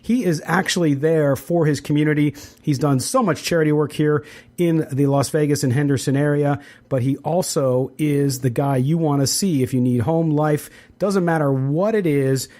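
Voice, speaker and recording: A man's voice: a little high, mellow. A middle-aged man hosting a sports podcast, reading sponsor spots and chatting casually with frequent fillers. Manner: conversational, quick sponsor reads with fillers. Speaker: podcast host.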